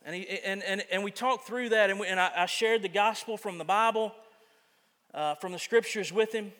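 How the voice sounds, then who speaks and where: A man preaching a sermon as pastor in a church, earnest, moving between loud emphasis and quiet confiding. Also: high-pitched, normal speed. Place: church sanctuary. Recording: long church reverb.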